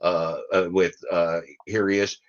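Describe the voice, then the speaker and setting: A man's voice: sits low, level tone, a little slow, muffled recording. A man hosting a podcast, giving rambling, sardonic commentary and often repeating himself. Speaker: podcast host.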